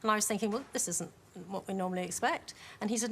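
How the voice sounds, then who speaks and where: A woman from Northern Ireland, an audience member telling a funny anecdote with gentle amusement. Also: mid-range voice, fast talker, husky.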